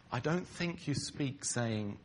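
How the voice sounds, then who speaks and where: A man's voice: medium pitch, lively intonation, very slow, a little hiss or hum. A middle-aged man, preaching a conversational sermon to his congregation, bantering with them and acting out quoted lines. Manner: acts out quoted lines dramatically. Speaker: pastor.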